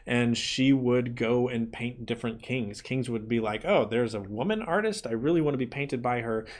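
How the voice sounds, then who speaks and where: A man teaching an art history lesson in a clear, explanatory way, sometimes slipping into playful asides. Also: mid-range voice. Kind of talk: classroom lecture.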